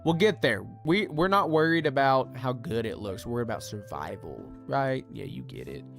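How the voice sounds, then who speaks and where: A male streamer gives casual live commentary on a building game, musing aloud, teasing himself, and chatting with his audience over background music. His mid-range voice swings widely in pitch at normal speed, sounding creaky and a bit bright.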